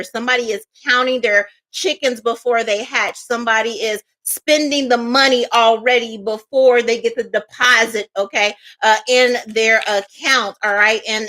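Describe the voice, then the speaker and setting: A woman with a bright, slightly high voice talks her way through a tarot reading. She rambles in a chatty, offhand way, full of fillers and little asides. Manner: chatty, loose storytelling with many fillers and asides. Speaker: tarot reader. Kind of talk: casual tarot reading monologue.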